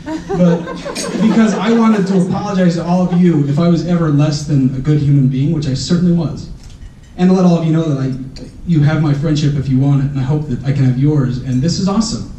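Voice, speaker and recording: A man in his thirties speaks earnestly to a crowd, self-deprecating and halting with fillers. His voice is mellow and a little high for a man. He is caught from a distance in an echoey hall. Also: a little hiss or hum. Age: 30s. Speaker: reunion speaker. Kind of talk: heartfelt speech to a crowd. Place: reunion hall with an audience.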